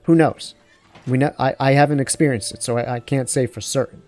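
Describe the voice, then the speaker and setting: A man hosts a let's play, commenting casually on his game in a rambling, digressive, self-deprecating way. His medium-pitched voice has a darkish tone, fairly even intonation and a fairly quick pace.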